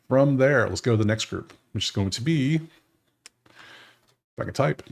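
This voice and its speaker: A man's voice: on the low side, slightly rough. A man hosting his sports betting channel, casually thinking aloud through his bracket picks and talking straight to the teams. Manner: animated, thinks aloud, talks to teams directly. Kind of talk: casual bracket breakdown monologue.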